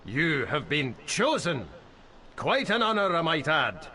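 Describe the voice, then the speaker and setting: A fussy, flattering messenger. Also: male voice, on the high side, slow, full character voice. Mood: grand, persuasive. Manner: wordy, flustered, flattering. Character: fussy, long-winded male messenger, nervous and flattering. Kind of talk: game cutscene voice acting.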